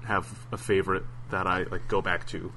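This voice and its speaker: Bright-voiced man chatting casually. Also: low voice, flat delivery, a little fast, a little hiss or hum. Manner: hesitant, lots of fillers and restarts. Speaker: interview guest. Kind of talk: casual podcast chat.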